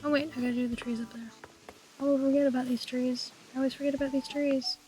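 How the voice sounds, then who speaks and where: A woman streamer whispering softly in a raspy voice, musing playfully and with mock grandeur as she chats over her game. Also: sits high, flat delivery, fast talker. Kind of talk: casual gameplay chat.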